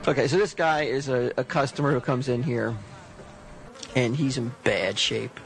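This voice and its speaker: Gravelly man telling a story. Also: medium pitch, moderate pace, rough recording. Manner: animated, swearing, acting out both sides of a story. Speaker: stream host. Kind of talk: casual storytelling.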